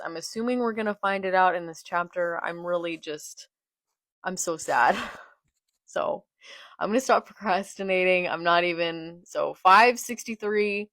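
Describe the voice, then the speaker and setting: A young woman reading a manga aloud and reacting with excitable, exasperated outbursts. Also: fairly low pitch, unhurried, no room sound. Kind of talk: live read-along reaction.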